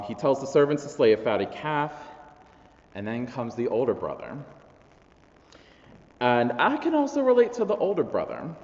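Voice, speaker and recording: A man's voice: medium pitch, darkish tone. A man preaching a sermon in a chatty, self-deprecating way, with lots of fillers. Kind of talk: conversational sermon. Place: large church hall. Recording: echoey church hall, slightly dull.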